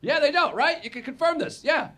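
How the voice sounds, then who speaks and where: A man's voice: very high-pitched, expressive, fairly quick, pushed and bright. A man performing a stand-up comedy routine, telling exaggerated stories in a sardonic way. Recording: noisy clip played back in a reaction video.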